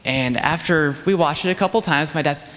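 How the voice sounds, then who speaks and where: Storytelling man for a children's sermon, lively, does little voices, in a hall with a long echo. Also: on the high side, moderate pace. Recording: long reverb of a large hall.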